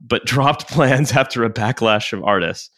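A man's voice: medium pitch, a little slow, fairly bright tone, no echo. Man with a close, dry podcast voice. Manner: hesitant, many restarts and fillers. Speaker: podcast host. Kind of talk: casual podcast discussion, reading out legal text.

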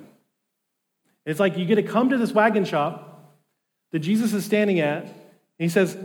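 A man's voice: fairly high pitch, lively intonation, normal speed, pauses often, a little mellow. A man preaching a sermon as a pastor, telling a story in a casual, enthusiastic way. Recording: long hall reverb.

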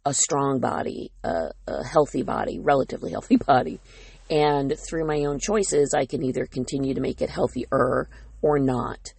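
Woman, podcast host, reflective monologue, candid and self-deprecating, gravelly voice, dry close sound. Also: rumbling low, warm tone, dry recording.

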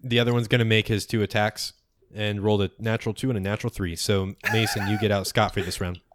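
Low-voiced male game master. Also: steady tone, quick pace, noisy background. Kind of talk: narrating a tabletop game.

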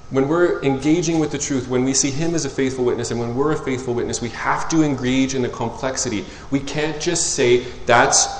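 A man preaching a sermon as pastor, rising loud as he reads scripture and dropping soft and tender when he speaks of love. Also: medium pitch, fairly quick, hardly any pauses, a little hiss or hum. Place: church sanctuary. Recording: roomy church echo.

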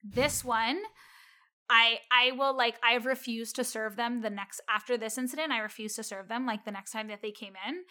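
Bright-voiced young woman telling a story. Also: a little high, normal speed. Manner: animated, quotes people in her story. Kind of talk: casual chat, storytelling.

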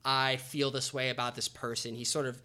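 A man co-hosting a podcast, explaining musicals in a relaxed, casual way. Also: medium pitch, fairly quick. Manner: relaxed, explanatory, hums melodies to illustrate. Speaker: podcast co-host. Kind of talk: casual chat about musicals.

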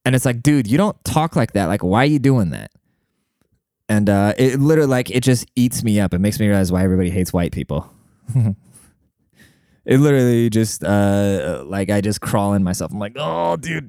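A man hosting a solo podcast in a brash, rambling, profane way, full of fillers, jumping up in pitch when he quotes people. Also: mellow, smooth, no echo, clean studio sound. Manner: jumps high in pitch when acting out quotes. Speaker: podcast host. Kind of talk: casual solo podcast monologue.

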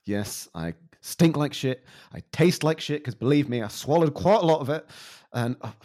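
A man's voice: medium pitch, expressive, moderate pace, darkish tone. A man performing improvised comedy, exasperated and rambling, swearing often.

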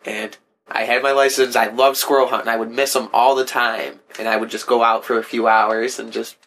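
A man's voice: mid-range voice, level tone, a little fast, a bit bright. A young man co-hosting a podcast, chatting casually and telling rambling, jokey stories. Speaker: podcast co-host. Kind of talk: casual chat.

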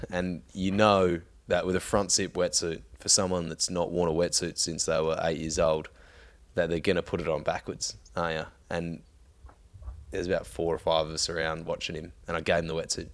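A man's voice: low-pitched, flat delivery, a little fast. A man casually telling a story on a podcast, laid-back, swearing often and laughing along.

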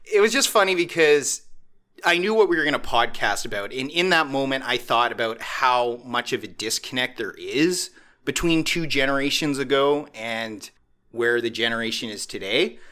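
A podcast host chatting casually and telling a rambling, animated story. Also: male voice, mid-range voice, moderate pace.

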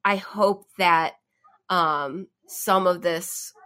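A woman co-hosting a live art stream, chatting casually with a reflective, earnest tone. Her voice sits a little low for a woman. She laughs easily between thoughts. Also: extremely slow, bright, forceful tone, clean tone. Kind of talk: casual chat.

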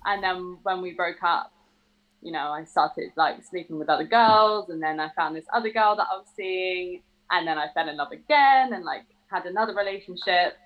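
A young English woman tells a personal story in an open, unguarded way. Her voice sits slightly low, and she speaks casually, with plenty of swearing and "like". It sounds like a relaxed chat among friends. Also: normal speed, lo-fi sound. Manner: frank, swears freely, chatty fillers like "like".

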